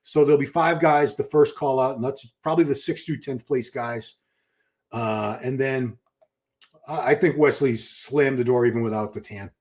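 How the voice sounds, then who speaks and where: A man's voice: medium pitch, moderate pace, darkish tone. A man hosting a live stream, giving chatty, enthusiastic commentary and reading viewer questions aloud. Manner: chatty, enthusiastic, restarts a lot. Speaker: livestream host.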